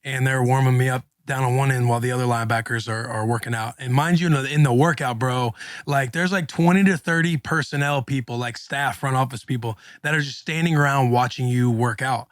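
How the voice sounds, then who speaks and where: A man co-hosting a casual podcast, recounting events in loose, slangy bursts. His voice is mid-pitched and sits right on a dry, close microphone with no room sound. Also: no room sound. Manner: animated, slangy, quick retelling with acted quotes. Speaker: podcast co-host. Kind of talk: casual storytelling chat.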